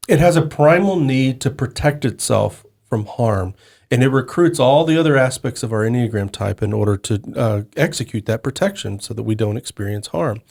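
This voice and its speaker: A man co-hosting a podcast, explaining in a measured way with some restarts. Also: mid-range voice, expressive, vocal fry, a little mellow. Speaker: podcast co-host.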